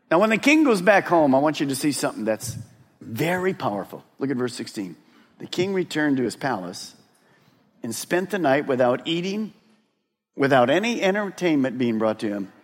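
A man preaching a sermon and talking straight to his congregation. He is animated and drops to a hush for emphasis. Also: medium pitch, moderate pace, long pauses. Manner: addresses the congregation directly. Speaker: pastor. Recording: long reverb of a large hall.

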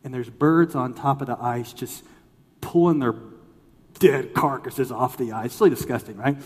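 A man preaching a sermon, telling a story with lively, acted-out quotes and swings between loud emphasis and quiet lines. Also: medium pitch, normal speed, slightly rough. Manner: animated storytelling, acts out quoted voices. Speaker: pastor. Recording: long hall reverb.

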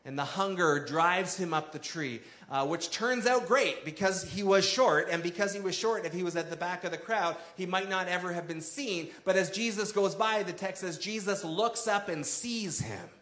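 A man's voice: high-pitched, moderate pace, hardly any pauses, pushed and bright, echoey room. A man preaching a sermon in a conversational way, acting out quoted lines with drama. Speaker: pastor.

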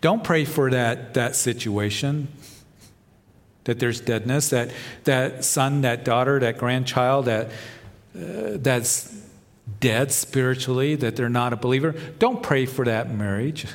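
Male pastor, mid-pitched voice, sermon delivery with dramatic swells, church hall reverb. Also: takes it slowly. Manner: preaching with rising emphasis and soft dramatic drops. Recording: long reverb of a large hall.

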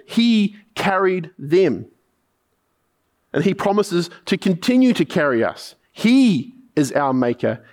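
New Zealand man preaching a sermon. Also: high-pitched. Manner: storytelling with repeated punchlines, then probing rhetorical questions.

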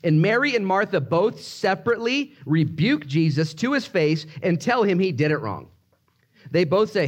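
A man preaching a sermon in an animated, conversational way, swinging between loud emphasis and hushed moments. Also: high voice, normal speed, highs cut off. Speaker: pastor.

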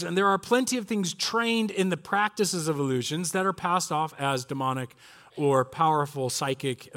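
A man in his forties preaching a sermon, telling a story with animated quoted voices. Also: high-pitched. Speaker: pastor. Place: church.

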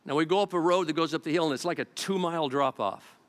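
A man's voice: a little high, fast talker. A man preaching a sermon, telling stories with energy and acting out the quotes in different voices. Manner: animated storytelling, acting out quotes in varied voices. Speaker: pastor. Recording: long hall reverb.

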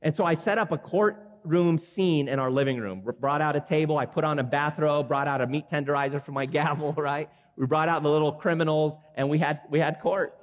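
A middle-aged man preaching a sermon to fathers in an earnest, gentle way, chuckling now and then. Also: a little high, steady tone, brisk, few pauses. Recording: muffled sound with long hall reverb.

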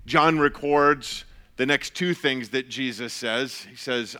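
A pastor giving an earnest, measured sermon, often restarting his phrases. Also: mid-range voice, bright, forceful tone.

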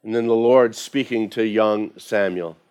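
A man's voice: fairly low pitch, a little slow, a little mellow. A man preaching a sermon as pastor, talking conversationally and acting out quoted voices.

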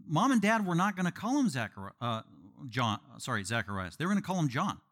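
Animated, emphatic male preacher. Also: on the high side, quick pace. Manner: animated, emphatic, joking asides. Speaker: pastor. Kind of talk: expository sermon.

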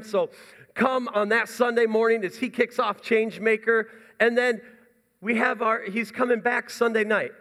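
A man's voice: high-pitched, fairly bright tone, long reverb tail. A young man, a pastor, giving chatty, enthusiastic church announcements with many restarts. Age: young adult. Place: church sanctuary.

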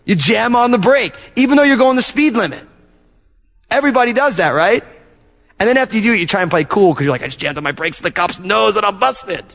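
Man, pastor, sermon, animated storytelling with asides, lingering church-hall echo. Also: sits high.

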